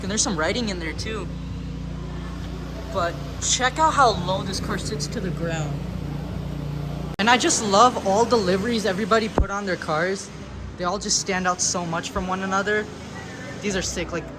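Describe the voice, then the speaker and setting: Male car vlogger, high voice, eager and gushing, recorded outdoors with heavy street noise. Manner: excited, gushing, repeats slang. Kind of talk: casual car-show walkaround. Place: outdoor car rally lot. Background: cars and outdoor traffic noise.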